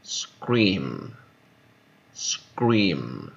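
Male vocabulary reader, very slow and lively in pitch, gravelly bright tone, dull lo-fi recording; reads each word twice.

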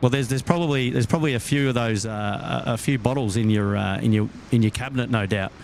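Australian man hosting, halting and cheery. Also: mid-range voice, a little mellow. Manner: hesitant, full of "uh" fillers, cheery thanks. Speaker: livestream host. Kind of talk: live-stream chat, reading viewer messages. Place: outdoors at an airport at night, windy. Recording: outdoor noise, wind and traffic.

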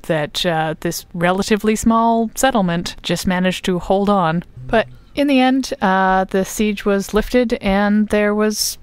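A woman's voice: mid-range voice, measured pace, few pauses, clean tone, no echo. A woman co-hosting a casual history podcast, explaining at length with plenty of ums and uhs. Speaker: podcast co-host.

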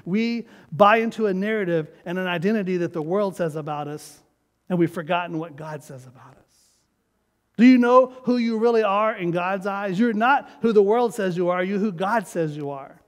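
A pastor with a high voice preaches a sermon in a church sanctuary at a normal speed, his words ringing with a long reverb. He speaks emphatically and calls on the congregation to repeat after him.

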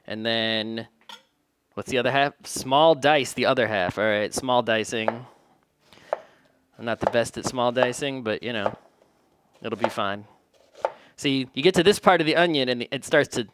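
A man's voice: medium pitch, fairly bright tone, a little hiss or hum. Joking man narrating his home cooking. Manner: joking, rambling, self-deprecating. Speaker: home cook vlogger. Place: home kitchen.

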